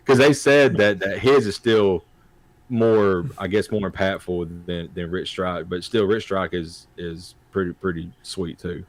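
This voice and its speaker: A man's voice: low-pitched, steady tone, a little slow, dry recording. A man, co-hosting a sports podcast in rambling, casual chat. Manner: rambling, restarts often. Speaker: podcast co-host.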